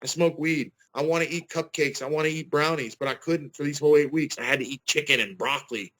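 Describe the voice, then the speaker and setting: A man's voice: on the high side, fast, a bit bright, poor audio. A man in his forties, a fighter giving a casual interview over a video call, earnest and rambling, often restarting his sentences. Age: 40s. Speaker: guest fighter.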